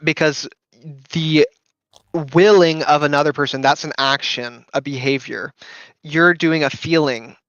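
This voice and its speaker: Guy arguing religion on a voice call, bright sharp tone, kinda muffled mic, keeps talking over people. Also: on the high side, a little slow, no echo. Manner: insistent, talks over others, repeats points. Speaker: Christian debater. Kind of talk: heated online debate.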